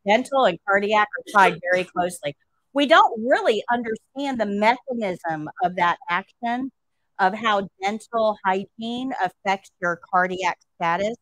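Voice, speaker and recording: A woman's voice: medium pitch, a bit bright, no echo, low-quality recording. A woman nursing instructor telling a story to her class during a livestream, asking rhetorical questions as she goes.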